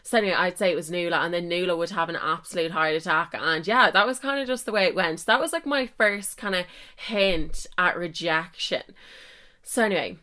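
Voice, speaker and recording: A woman's voice: on the low side, a little fast, sharp tone. A young adult woman hosting her own podcast, chatting casually and mocking herself, with frequent mild swearing. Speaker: podcast host. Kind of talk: casual solo podcast chat.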